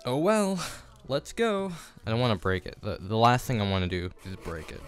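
A man's voice: on the low side, sing-song, normal speed. A young man filming a casual vlog in his home kitchen on a phone, flustered and self-mocking as he swears through a build. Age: young adult. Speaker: YouTuber. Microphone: phone camera.

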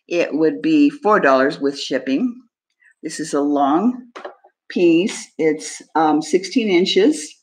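A woman hosting a live jewelry sale stream, describing pieces in a chatty, unhurried way and talking to viewers. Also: low-pitched, a little mellow. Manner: chatty, describes items slowly, friendly asides to viewers. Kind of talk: casual live-stream selling.

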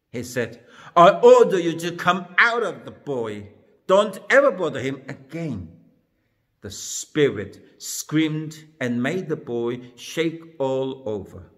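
A man's voice: on the high side, long reverb tail. A man serving as minister, reading a Bible passage aloud and then retelling it in a sermon. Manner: slow, careful reading then plain retelling. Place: church.

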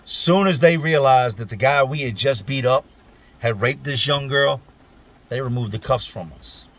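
A man at a middle pitch telling a story straight to his viewers, blunt and profane, with plenty of street slang. He talks the way he would to friends, loose and unpolished. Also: normal speed, a bit bright. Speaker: storyteller, channel host. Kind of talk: casual spoken storytelling.

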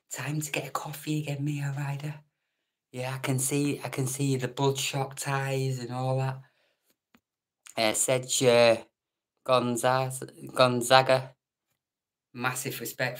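A British man hosting a late-night live stream chat, joking with viewers and reading out their names, sometimes dropping to a whisper. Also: medium pitch. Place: room at home at night.

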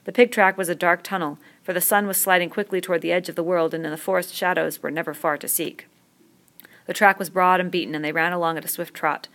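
A woman reading a novel aloud in a steady, measured narration. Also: on the low side. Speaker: audiobook reader.

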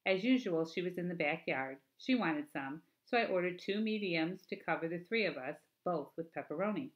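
A woman with a lowish voice reads a children's novel aloud to her class in an expressive, storytelling manner. She breaks off now and then for chatty asides to her listeners. Her delivery is unscripted-sounding and friendly in pace. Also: normal speed, dull audio.

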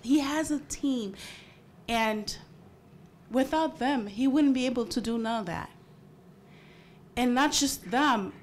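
A woman's voice: high voice, takes it slowly, long pauses, a little hiss or hum. A young woman speaking up as a parent at a public meeting, earnest and pressing. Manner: earnest, pressing, voice rising as she presses her point. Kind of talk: emotional unscripted public comment.

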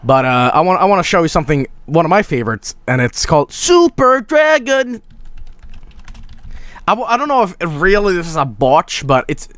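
A male streamer giving excitable live stream commentary, swearing freely and laughing often. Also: a little high, fast talker, few pauses, dry recording.

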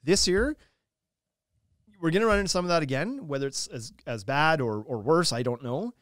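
A man's voice: a little high, animated, fairly bright tone, no echo, clean studio sound. A man co-hosting a podcast, rambling through his points with lots of restarts and filler words. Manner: quick, rambling, many "like"s and restarts. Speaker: podcast co-host. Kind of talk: casual podcast chat.

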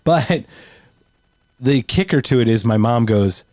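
A middle-pitched man in his forties tells a story on a podcast with a lively, swooping voice. He laughs a lot and swears casually. The sound is dry and close to the mic. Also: slow, long pauses, no echo. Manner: animated storyteller, laughs often, swears freely. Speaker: podcast co-host. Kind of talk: casual chat.

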